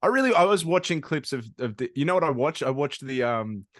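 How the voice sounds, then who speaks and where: Lively, profane male podcast co-host. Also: fairly high pitch, brisk, no echo, clean studio sound. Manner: swears freely, excitable and teasing. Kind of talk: casual chat.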